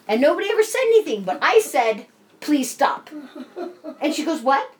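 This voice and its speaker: A woman's voice: sits high, very animated, moderate pace. A woman co-hosting a casual chat, telling a story animatedly with lots of swearing. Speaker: podcast co-host.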